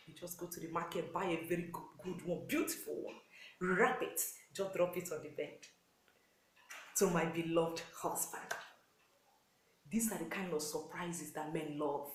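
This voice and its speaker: A woman's voice: on the low side, moderate pace, reverberant, poor audio. A woman with a Nigerian accent, a pastor's wife, giving earnest sermon-style marriage advice to wives and repeating key points. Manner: earnest, repetitive exhortation with acted quotes.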